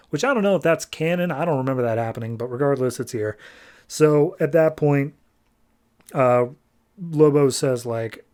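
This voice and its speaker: A man hosting a podcast, giving a casual, animated and wry recap of a comic book issue. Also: medium pitch. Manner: animated, wry, jumps into quick character voices. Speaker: podcast host reviewing comics.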